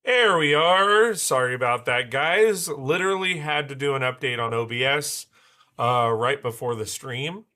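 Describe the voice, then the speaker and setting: A man hosting a casual livestream, chatty and loose with many fillers, his voice slightly raspy from being sick. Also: medium pitch, a little slow, bright, forceful tone. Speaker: livestream host.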